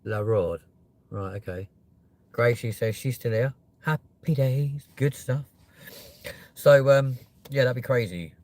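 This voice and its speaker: A man's voice: mid-range voice, a little slow, long pauses, a little mellow. A young man hosting a live stream, chatting casually and joking with viewers, with plenty of swearing. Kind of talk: rambling live-stream chat.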